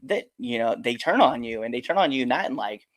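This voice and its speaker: A man's voice: medium pitch, brisk. A man hosting a wrestling podcast, talking casually with lots of fillers and laughing along. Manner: relaxed, laughs along, rambling with many fillers. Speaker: podcast host. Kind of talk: casual chat.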